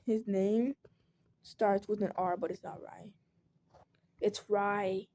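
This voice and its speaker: A woman's voice: medium pitch, flat delivery, slow pace, a little mellow, slight background noise. A teenage girl telling a personal story in a casual storytime vlog. She rambles, fills her talk with "like" and "um", and acts out the people she quotes.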